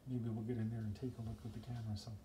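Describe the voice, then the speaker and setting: A home cook narrates a cooking video in a lowish, flat voice, speaking rapid-fire. He's rambling and chatty, breaking off mid-sentence, and is filmed by a camera across his home kitchen in a noisy home recording.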